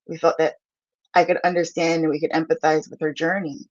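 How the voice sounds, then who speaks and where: A middle-aged woman co-host speaks earnestly in a lowish voice, sharing a hard personal story to encourage listeners. The audio sounds dry and slightly dull, like a remote call feed. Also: level tone, brisk, no room sound. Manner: earnest, laughing through tears as she tells her story. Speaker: podcast co-host. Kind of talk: heartfelt personal closing remarks.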